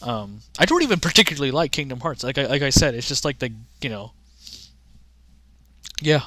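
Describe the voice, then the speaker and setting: A man giving casual, rambling commentary on games he has played, halting with many restarts and fillers and offering frank, offhand opinions. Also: mid-range voice, expressive, pushed and bright, dry recording. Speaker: gaming content creator.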